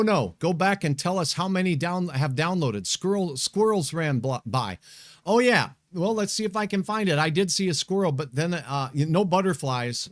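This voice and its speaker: Folksy, excitable high-voiced man. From Montana. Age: middle-aged. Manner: folksy, chatty, excitable shout-outs to viewers. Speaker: weather show host, meteorologist. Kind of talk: casual live-stream chat.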